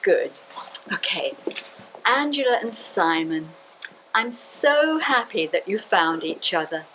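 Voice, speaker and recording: An amateur actress playing the bride's nervous, chatty aunt. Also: female voice, medium pitch, very animated, takes it slowly, a bit bright, a little hiss or hum, low-quality recording. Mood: flustered. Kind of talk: amateur stage acting.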